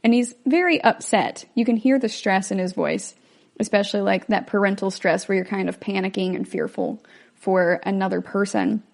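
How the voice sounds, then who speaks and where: A woman hosts a podcast and talks through a film in a relaxed, conversational way. She explains things at length in an ordinary mid-range voice. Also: medium pitch, moderate pace, vocal fry. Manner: chatty, explanatory, acts out quotes. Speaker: podcast host. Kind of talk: casual film commentary.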